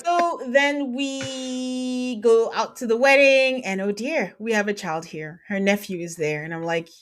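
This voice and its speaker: A woman's voice: on the high side, measured pace. A woman hosting a podcast, chatting casually and acting out quotes with lots of laughter. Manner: animated, laughing, acts out quotes. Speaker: podcast host. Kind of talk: casual recap chat.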